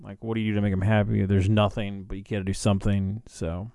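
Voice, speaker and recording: A man co-hosting a comedy podcast, trading dry quick jokes and laughing often. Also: on the low side, level tone, vocal fry, warm tone, dry recording. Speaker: podcast co-host. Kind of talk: casual comedic banter. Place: Washington DC area.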